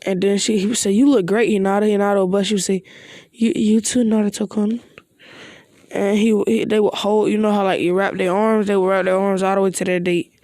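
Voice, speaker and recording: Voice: mid-range voice, flat delivery, quick pace, few pauses, a little mellow, no echo. A casual fan storyteller making up an anime what-if plot on the spot, rambling and hesitant with slangy asides. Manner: rambling, hesitant, slangy with many "you know" and "bro". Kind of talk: improvised fan-fiction narration.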